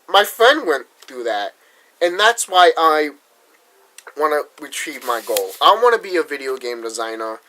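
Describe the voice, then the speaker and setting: A man's voice: a little high, lively intonation, normal speed, sharp tone, low-quality recording. A young man from Massachusetts venting in a casual vlog, talking bluntly and profanely with frequent restarts. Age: young adult. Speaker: vlogger. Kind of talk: frustrated vlog rant.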